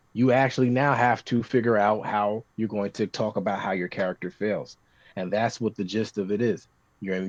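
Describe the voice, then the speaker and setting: A man chatting casually on a podcast, rambling with many restarts and getting animated when describing scenes. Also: fairly low pitch, no echo. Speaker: podcast guest talking tabletop games. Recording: dry, slightly muffled podcast recording.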